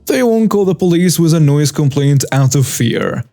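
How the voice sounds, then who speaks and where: A man's voice: a little high, lively intonation, moderate pace, creaky, dark tone, soft background music. A man narrating a written story with a dry, wry delivery.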